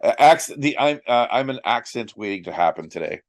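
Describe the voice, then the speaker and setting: A man's voice: medium pitch, lively intonation, fairly quick, dry recording. A man from Canada co-hosting a casual chat, cracking jokes and puns. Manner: joking, punning. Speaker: co-host.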